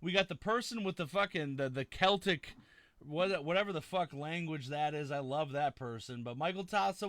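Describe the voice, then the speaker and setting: A man hosting a live podcast, chatting casually and loudly with a guest and greeting viewers with plenty of swearing. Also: a little high, normal speed, no room sound. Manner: loud, profane and boisterous, shouting out viewers. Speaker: podcast host. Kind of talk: casual live-stream chat.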